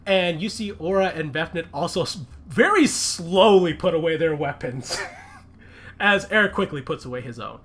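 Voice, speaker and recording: A man narrating a tabletop game as game master, telling the story in a lively, animated way. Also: a little high, normal speed.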